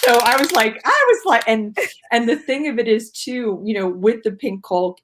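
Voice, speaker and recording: A woman guest on a video-call talk show, telling her story in a lively way and acting out her own cries and quotes. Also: a little high, moderate pace, slight background noise. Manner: animated, acts out her own shouts and quotes. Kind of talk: casual storytelling interview.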